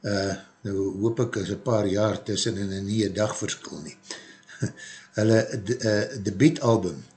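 A man's voice: fairly low pitch, unhurried, a little mellow. A man with an Afrikaans accent presenting a music radio show in a casual, hesitant way, with many fillers between names and facts. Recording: internet radio broadcast.

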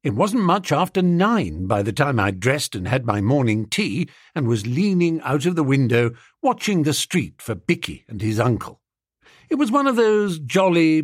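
A man's voice: fairly high pitch, husky, no echo, clean studio sound. Jaunty male audiobook narrator. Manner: jaunty, animated storytelling. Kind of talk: first-person comic novel reading.

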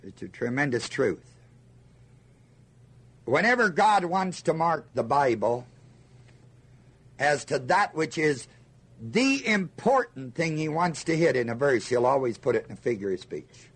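A man's voice: on the high side, very animated, unhurried, pauses often, a bit bright, breathy edge. An older man teaching a Bible lesson to a listening group, asking them questions and answering himself with emphasis. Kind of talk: sermon teaching.

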